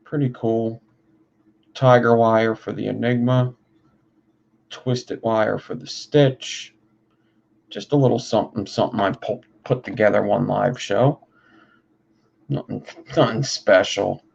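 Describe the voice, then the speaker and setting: Slow gravelly guy tinkering. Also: on the low side, fairly even intonation, darkish tone. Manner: slow, offhand, swears casually. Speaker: vlogger building vape coils. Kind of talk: casual workshop chat. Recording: dull lo-fi home recording with faint noise.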